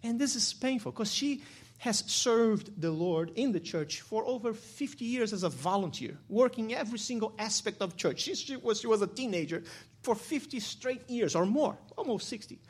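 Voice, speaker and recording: A male pastor preaching a sermon, moving between quiet, reflective passages and loud, emphatic ones. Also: high voice, expressive, normal speed, slightly rough.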